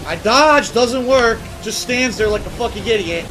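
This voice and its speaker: A man with a fairly high voice rants profanely while he plays, swinging between frustrated yelling and dry sarcasm. Loud game music plays behind him the whole time. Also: expressive, unhurried, hardly any pauses. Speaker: gaming streamer. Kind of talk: live gameplay commentary.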